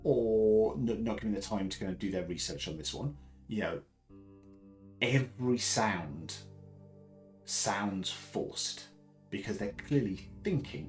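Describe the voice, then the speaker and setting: A man from the south of England with a deep baritone voice, chatting casually and rambling with many fillers and restarts. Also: lively intonation, measured pace, soft background music, low-quality recording. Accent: Southern English. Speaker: host. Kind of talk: casual live chat.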